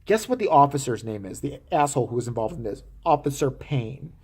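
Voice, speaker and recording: A woman's voice: a bass voice, lively intonation, brisk, darkish tone, breathy edge. A woman vlogger giving profane, sarcastic commentary with frequent swearing. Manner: sarcastic, swearing, laughing asides.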